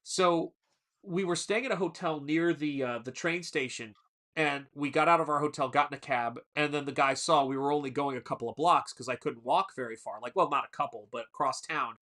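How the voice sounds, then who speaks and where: A man's voice: fairly high pitch, brisk, bright, forceful tone. A man hosting a casual livestream chat, telling long stories with frequent restarts and laughs. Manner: rambling storyteller, restarts and laughs. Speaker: livestream host.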